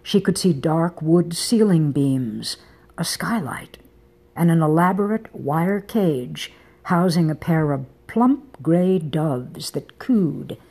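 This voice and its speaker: Low, husky female audiobook narrator. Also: lively intonation, takes it slowly, mellow. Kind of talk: scripted narration of a romance novel.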